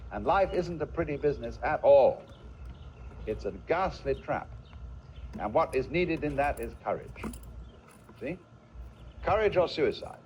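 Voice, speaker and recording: Musing man lecturing, lively pitch. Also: a little hiss or hum. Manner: musing, rhetorical, asks the listener questions. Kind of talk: philosophical lecture. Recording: dull lo-fi archival lecture recording.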